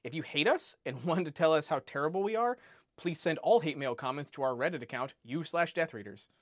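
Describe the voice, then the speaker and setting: Chatty joking man, slightly high voice. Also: animated, a little fast, dry recording. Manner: joking, rambling, laughs often. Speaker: podcast co-host. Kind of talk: casual chat.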